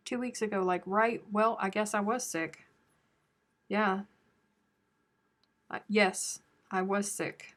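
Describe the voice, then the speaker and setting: A woman's voice: medium pitch, slow, long pauses. Chatty Southern woman telling stories. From American South. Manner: chatty storytelling, animated when telling stories. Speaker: crochet live stream host. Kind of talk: casual live chat with viewers.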